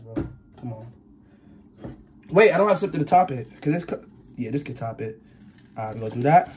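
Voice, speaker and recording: A man's voice: mid-range voice, lively intonation, brisk, pauses often, darkish tone, a little hiss or hum. Nervous jumpy young man vlogging. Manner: nervous, jumpy, rambling, slangy, yelps and laughs. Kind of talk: casual vlog talk to viewers.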